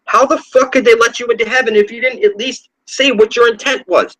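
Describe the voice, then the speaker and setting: A man's voice: extremely high pitch, fairly even intonation, fairly quick, a bit bright, slightly rough, rough recording. A man at home delivering a rambling, profane spiritual rant, scornful and preachy, often trailing off and restarting his sentences. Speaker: online video ranter.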